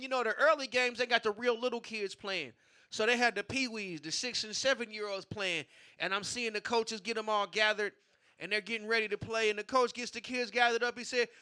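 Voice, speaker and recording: A man's voice: extremely high pitch, sharp tone, clear, resonant tone. A male stand-up comedian at an open mic, telling a loose, profane story with punchlines.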